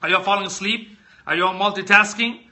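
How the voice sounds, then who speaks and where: A man's voice: steady tone, a little fast, sharp tone. A man hosting a casual live stream, chatting with viewers and asking them lots of questions as he walks through tech products. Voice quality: squeaky voice. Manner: chatty, addresses viewers directly, asks many questions.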